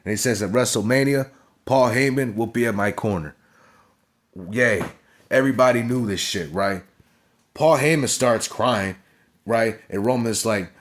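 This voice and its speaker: A man's voice: medium pitch, normal speed. A young man reviewing a wrestling show in a blunt, profane casual rant, often asking "you understand?".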